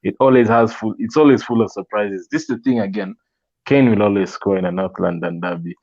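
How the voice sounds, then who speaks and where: Low-voiced laughing football pundit man. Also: fairly quick, darkish tone, no room sound, muffled recording. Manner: laughing, confident, trash-talking predictions. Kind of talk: casual panel chat.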